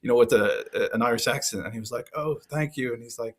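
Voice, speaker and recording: A man's voice: medium pitch, little pitch movement, very fast, husky. A man, a former rugby player turned podcaster, telling stories as a guest in a casual interview, chatty and full of fillers and restarts.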